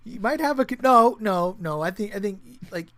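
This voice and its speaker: A man co-hosting a podcast, telling stories in a casual, animated way, swearing freely and acting out what people said. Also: high-pitched, normal speed, no room sound. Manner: animated storyteller, swears freely, acts out quotes. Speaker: podcast co-host. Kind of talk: casual storytelling chat.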